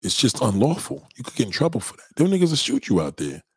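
A man, ranting casually and loudly to his stream viewers, swaggering and laughing often. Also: medium pitch, wildly swooping pitch, quick pace, gravelly, husky, dry recording, studio quality. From New York. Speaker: live-stream host. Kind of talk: casual profane rant to viewers.

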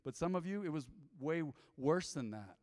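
A male pastor delivers a sermon with a slightly high voice, rising into loud emphatic bursts and dropping into quiet asides. He calls on the congregation to repeat his words. His voice rings with the long reverb of a church hall. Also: animated, moderate pace. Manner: emphatic, big swings in pitch and loudness. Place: urban church.

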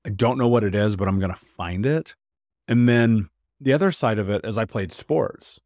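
A man's voice: on the low side, normal speed, dry recording, clean studio sound. A man guest on a podcast, telling his own story frankly and with energy, often acting out what others said. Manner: animated, frank storytelling with quoted voices. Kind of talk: candid storytelling.

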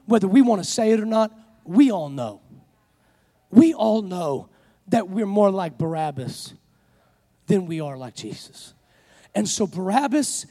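A pastor preaching a sermon, telling a self-mocking story before building to fervent preaching. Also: male voice, high-pitched, darkish tone, in a large hall.

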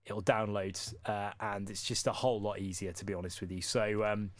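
A man's voice: fairly low pitch, level tone, normal speed, no room sound. Man, from the UK, podcast co-host, rambling, um-filled, dry close sound. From United Kingdom. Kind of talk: casual podcast chat.

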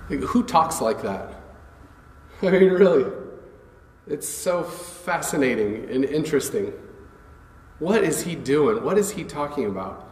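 A man's voice: on the high side, big pitch swings, measured pace, pauses often, darkish tone. Guy preaching in a big echoey church, sounds a bit far from the mic, chatty way of retelling the bible. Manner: conversational, paraphrases scripture in casual speech. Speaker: pastor. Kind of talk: sermon with scripture reading.

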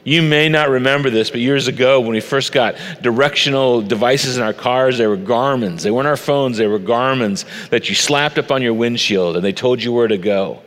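A man's voice: mid-range voice, moderate pace, few pauses, fairly bright tone, in a large hall. A middle-aged male pastor preaching a sermon on a church stage, conversational and personal, into a stage microphone.

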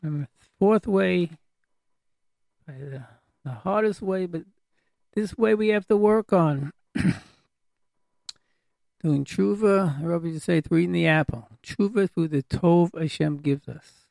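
High raspy guy giving a sermon, dry close sound, keeps repeating lines. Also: a little slow, long pauses, darkish tone, dry recording. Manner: emphatic, repetitive, exhorting.

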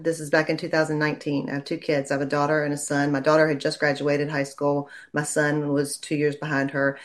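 A woman, a lawyer chatting in an interview and telling stories in a lively way. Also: deep voice. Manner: chatty storyteller, animated when quoting people. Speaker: lawyer and legal commentator. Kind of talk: casual interview chat.

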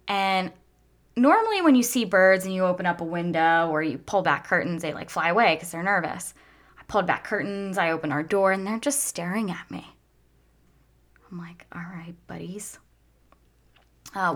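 A woman telling a heartfelt personal story in a lively way, sometimes dropping to a soft whisper when she gets emotional. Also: lowish voice. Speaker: speaker sharing a faith testimony.

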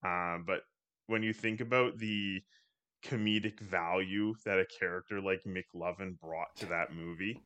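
A man's voice: low voice, fairly even intonation, measured pace, fairly bright tone. A man chatting casually on a podcast, thinking aloud with many hesitations. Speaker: podcast co-host.

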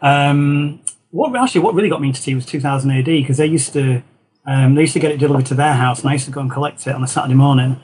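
A man's voice: mid-range voice, very fast, darkish tone, breathy edge, poor audio. A man from Yorkshire with a Northern English accent, telling stories as a guest in a casual interview. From Yorkshire, North England. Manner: rambling anecdotal storyteller. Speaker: guest, film concept designer.

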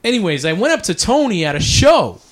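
A man's voice: high voice, sing-song, fairly quick. A man telling a rambling, profanity-heavy story in casual podcast chat, apologizing for ranting.

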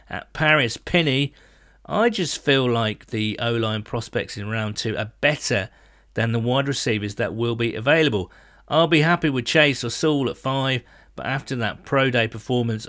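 A man co-hosting a casual sports chat, reading listener messages aloud and adding his own quick takes. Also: medium pitch, fairly bright tone, dry recording, clean studio sound. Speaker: podcast co-host reading listener comments.

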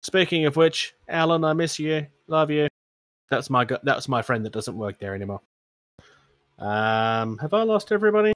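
A man's voice: fairly high pitch, animated, moderate pace, no echo. Rambling man with a dry close sound. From Australia. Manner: rambling, self-mocking, laughs often. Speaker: podcast co-host. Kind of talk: casual chat about tabletop gaming.

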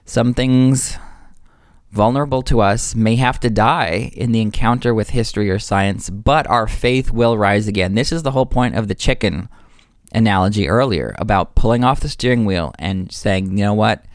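In studio-quality audio with no room sound, a man with a lowish voice and moderate pace takes part in an earnest religious discussion. He explains ideas enthusiastically, revising his words as he goes.

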